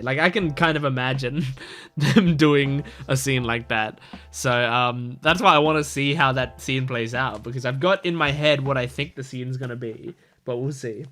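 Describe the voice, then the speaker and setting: A man's voice: medium pitch, moderate pace, a bit bright. A man hosting a casual reaction video, rambling and thinking aloud with lots of fillers and restarts. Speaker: reaction channel host.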